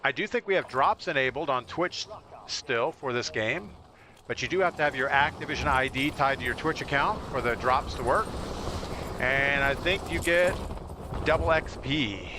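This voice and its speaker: A man's voice: mid-range voice, normal speed, background noise. A man chatting casually with his viewers while he plays and comments on a live game stream. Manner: chatty, talks straight to viewers between plays.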